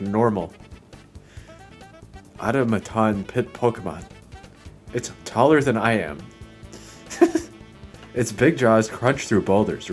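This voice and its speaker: A young man streaming a game, chatting casually, rambling and swearing, with sudden loud outbursts between mumbles. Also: fairly low pitch.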